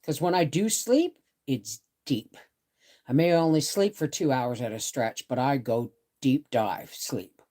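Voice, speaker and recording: A woman's voice: rumbling low, animated, a little slow, dark tone. A middle-aged woman chatting casually on a live stream from her bed, rambling and greeting viewers by name. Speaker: homestead channel host. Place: bedroom, in bed.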